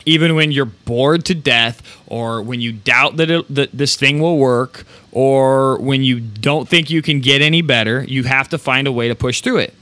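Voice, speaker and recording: A man hosting a podcast, giving energetic, rambling motivational talk with casual swearing. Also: medium pitch, normal speed, hardly any pauses, no room sound. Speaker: podcast host.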